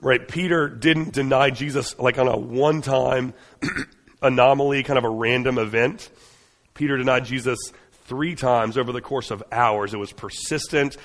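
A man's voice: mid-range voice, steady tone, moderate pace, fairly bright tone. Man preaching in an echoing hall. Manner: conversational and earnest, with frequent restarts and fillers. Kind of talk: sermon.

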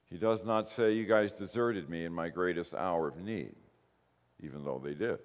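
A man preaching a sermon, telling the story in a lively way and acting out the quoted lines. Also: sits low, moderate pace. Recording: long hall reverb.

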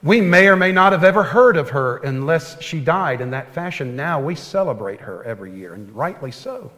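A pastor delivers his sermon in a somewhat high male voice, earnest and folksy, sinking to a near hush at tender points. The sound carries a long hall reverb, as in a large church sanctuary. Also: lively intonation, normal speed.

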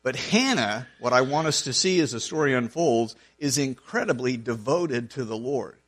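A man's voice: medium pitch, animated, normal speed, fairly bright tone. A man preaching a sermon, reading scripture verse by verse and explaining it in an earnest, conversational way, often restarting his phrases.

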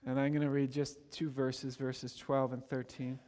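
A man's voice: mid-range voice, little pitch movement, moderate pace, warm tone, in a large hall. A man preaching a sermon as pastor, with an emphatic, repetitive cadence.

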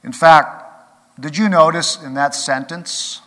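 Male pastor, sermon delivery, earnest with emphatic swells; slightly high, bright voice. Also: takes it slowly. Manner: earnest, rising to emphatic peaks then dropping quiet. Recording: long reverb of a large hall.

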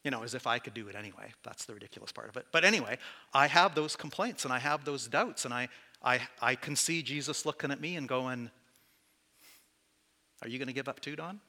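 A man's voice: mid-range voice, quick pace, sharp tone. A man preaching as pastor to his church, candid and conversational, with self-deprecating asides. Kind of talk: sermon.

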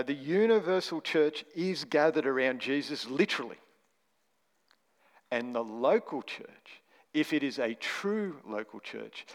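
Man preaching in a reverberant hall. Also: medium pitch. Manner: emphatic, stresses single words, rhetorical questions. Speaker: pastor. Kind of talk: sermon.

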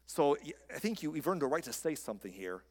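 Well-meaning man correcting a friend, played by a male preacher, pleading tone, fairly high voice, echo of a large hall. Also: big pitch swings, fast. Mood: earnest. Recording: long reverb of a large hall.

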